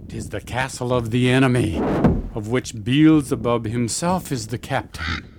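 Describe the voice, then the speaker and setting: A man's voice: mid-range voice, measured pace, heavy background noise, natural voice. A man voicing a grave, kindly male gatekeeper who speaks solemnly in old-fashioned formal English in a radio drama.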